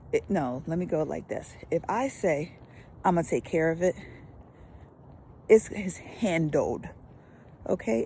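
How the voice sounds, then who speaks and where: Woman pastor, mellow dark tone, animated delivery with whispered asides. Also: on the low side, a little hiss or hum. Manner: animated, swings from loud emphasis to whispers. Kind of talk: lively devotional teaching.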